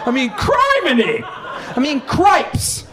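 A prudish, easily scandalized older father, as his comedian son puts him on. He squeaks up high in exasperation, and his voice swoops all over the place. The tone is fussy and a little laughable. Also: wildly swooping pitch, slow, fairly bright tone, a faint crowd, exaggerated voice.

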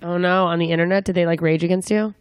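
A woman's voice: lowish voice, steady tone, quick pace, clean tone, dry recording. A young woman interviewing a guest in a casual chat, asking rambling, joking questions with lots of fillers. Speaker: interviewer, comedian.

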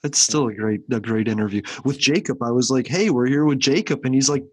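A man's voice: mid-range voice, fairly quick, slightly rough, dry recording. A man co-hosting a casual podcast, joking loosely and swearing. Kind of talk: casual chat.

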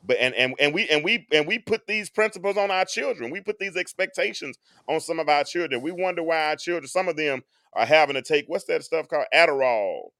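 An earnest man in his forties hosts a live stream, lecturing his audience and circling back over his phrases as he builds a point. His voice sits a little high for a man. The sound is close and dry, with no room around it. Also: lively intonation, fairly quick, gravelly, hardly any pauses, fairly bright tone, no room sound. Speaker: host.

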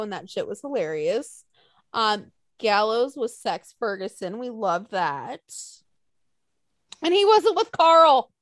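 Animated high-voiced woman ranting. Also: no room sound, clean studio sound. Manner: animated, profane ranting with mocking quotes. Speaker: podcast co-host. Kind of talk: casual chat.

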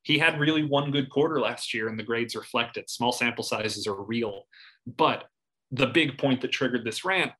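A man co-hosting a casual sports podcast, breaking down a football season. His voice is bright and forceful at a middle pitch. He talks analytically with a wry edge and laughs now and then. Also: normal speed, poor audio.

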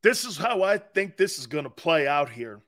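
Brash high-voiced sports talk host. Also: male voice, big pitch swings, moderate pace, a bit bright. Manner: brash, rambling, repeats his points. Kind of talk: opinionated sports talk monologue.

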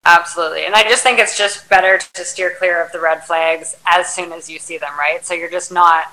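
A woman guest chatting about relationships in a reflective, advice-giving way, with plenty of ums and pauses. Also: fairly low pitch, fairly even intonation, sharp tone, slight background noise, poor audio. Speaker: podcast guest, charter yacht crew. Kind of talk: casual interview chat.

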